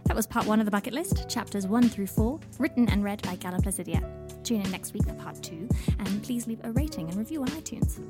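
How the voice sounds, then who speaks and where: A woman, the author, reading her own story aloud in a calm, even manner. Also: medium pitch, fairly quick, few pauses, music in the background. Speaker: author and reader. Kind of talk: storybook narration.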